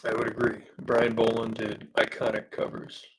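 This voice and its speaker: A man's voice: mid-range voice, monotone, normal speed, a little hiss or hum, poor audio. A man streaming a live drawing session, losing his voice from smoke, chatting in a rambling, hesitant way with many fillers and reading out viewer comments. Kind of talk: casual live-stream chat while drawing.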